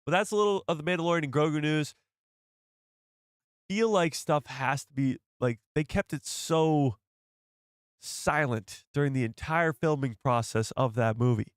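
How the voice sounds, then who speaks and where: A man's voice: fairly high pitch, normal speed, clean tone, no room sound, studio quality. A man hosting a casual live stream, chatting to viewers and laughing often.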